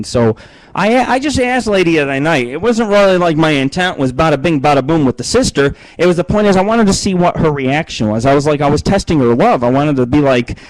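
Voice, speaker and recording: A man's voice: on the high side, animated, brisk, dry recording, poor audio. Rambling, profane radio host man. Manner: rambling, profane, boastful, many fillers and restarts. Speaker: host of an internet radio show. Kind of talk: crude casual live-stream talk. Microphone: computer mic on a live webcam stream.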